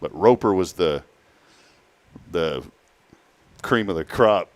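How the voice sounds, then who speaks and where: A man's voice: sits low, animated, slow pace, no room sound. A man hosting a morning talk show, joking and rambling with a laugh. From Georgia. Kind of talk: casual chat.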